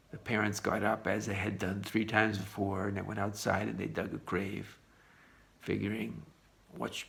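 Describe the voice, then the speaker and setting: A man teaching a Torah lesson, retelling a story in a lively way with frequent restarts. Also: lowish voice, gravelly.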